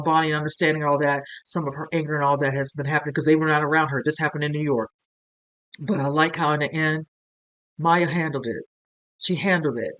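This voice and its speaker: A man with a fairly high-pitched voice hosting a casual reaction commentary. He talks earnestly and with feeling, looping through filler phrases as he works through his thoughts. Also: a bit bright. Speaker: reaction video host.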